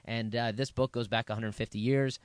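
A man's voice: medium pitch, fairly even intonation, fairly quick, clear, resonant tone, no room sound. A middle-aged man, a pastor, chatting casually about books he loves, easygoing and jokey, with frequent restarts. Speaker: pastor, podcast co-host. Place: Las Vegas.

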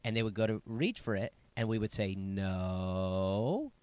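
A man co-hosting a casual chat about parenting, emphatic and animated, acting out quotes. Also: fairly low pitch, quick pace. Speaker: co-host, parent.

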